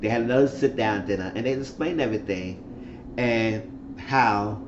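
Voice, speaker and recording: A man giving a casual recap of a reality-show episode. He talks in an animated way and acts out the people he quotes. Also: on the low side, moderate pace, echoey room, muffled recording, noisy background. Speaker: YouTube reality-show reviewer.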